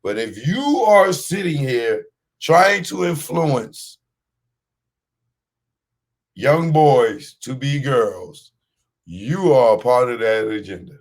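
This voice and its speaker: A man hosting a show, giving blunt, streetwise commentary on a clip he has just played. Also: medium pitch. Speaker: podcast host.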